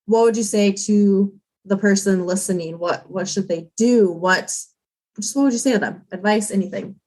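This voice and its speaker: A woman of medium pitch hosts a podcast. She asks probing questions and gives supportive advice in a casual, candid way. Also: moderate pace, darkish tone. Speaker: podcast host.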